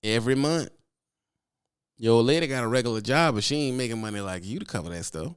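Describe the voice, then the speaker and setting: Animated slangy man on a live stream. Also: mid-range voice, fast talker, clean tone. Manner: animated, slangy, teasing, reads chat aloud. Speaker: trucker streamer. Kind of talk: casual live-stream chat.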